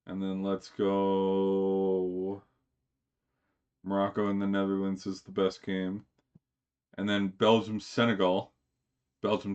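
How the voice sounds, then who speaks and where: On a live stream, a very low-voiced man chats casually, rambling along with fillers and restarts. The sound is slightly muffled and dull.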